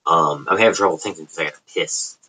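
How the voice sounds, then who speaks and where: A man's voice: sits low, quick pace, bright, forceful tone, slightly rough, rough recording. A man with a suburban Chicago accent hosting a casual late-night livestream from home, rambling and profane. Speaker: livestream host.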